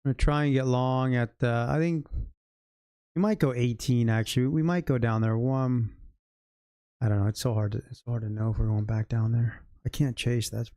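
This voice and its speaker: Loose, swearing male day trader, mellow. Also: medium pitch, steady tone, normal speed, no echo, studio quality. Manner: loose, swearing, talks to himself and chat. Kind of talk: live trading commentary.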